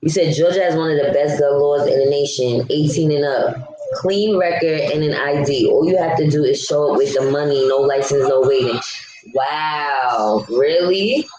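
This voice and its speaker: Speaking at normal speed in a deep, slightly mellow voice, a woman vlogger hangs out with her live stream viewers. She rants bluntly and answers comments along the way. The recording has room echo and a faint hum.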